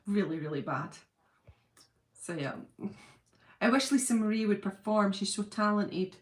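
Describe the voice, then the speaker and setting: A woman's voice: medium pitch, normal speed, long pauses. Giggly, chatty woman host. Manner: chatty, giggly, talks to viewers by name. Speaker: channel host. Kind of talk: casual livestream chat reading viewer comments.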